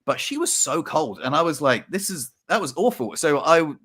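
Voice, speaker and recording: A young man tells a story on a casual podcast, and his pitch sits a touch high. He talks in an animated way and swears casually. He acts out the other people in his stories as he goes. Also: moderate pace, slightly rough. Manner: animated, acts out quotes with big pitch jumps. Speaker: podcast co-host.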